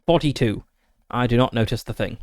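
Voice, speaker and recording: A man's voice: mid-range voice, a little fast, darkish tone, no echo. A man streaming a solo tabletop game, reading the gamebook aloud with frequent fillers and short asides.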